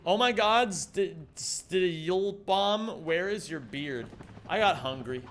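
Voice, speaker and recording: Animated male streamer with music behind. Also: high voice, takes it slowly. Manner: banters with chat, reads messages aloud, mock-indignant outbursts. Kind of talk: live-stream chat while gaming.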